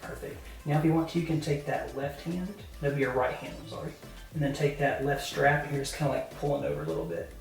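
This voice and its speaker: Her voice is extremely low-pitched, animated and quick, with a slightly mellow quality. This Southern American woman directs a boudoir shoot, chattily coaching poses with lots of fillers and an upbeat energy. The roomy indoor studio echoes, the mic sits far away, and faint music plays.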